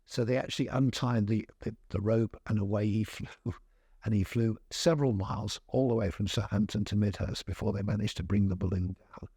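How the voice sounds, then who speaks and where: A man's voice: fairly low pitch, warm tone, breathy edge, no room sound, clean studio sound. An older man, a veteran TV presenter, telling amused, chatty anecdotes with frequent restarts. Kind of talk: anecdotal storytelling.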